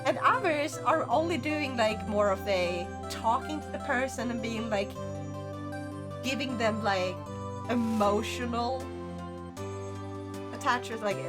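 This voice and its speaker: A woman's voice: fairly high pitch, unhurried. A woman streamer chatting casually while playing, rambling and giggly, over game music. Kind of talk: casual gameplay chat.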